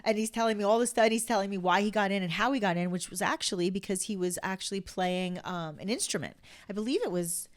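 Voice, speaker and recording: A woman in her fifties from New Jersey, a podcast guest telling animated anecdotes, acting out quotes and dropping lots of "like" as she goes. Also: medium pitch, fast talker, hardly any pauses. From New Jersey, USA. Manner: animated, acts out quotes, many fillers of "like". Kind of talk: casual anecdote storytelling.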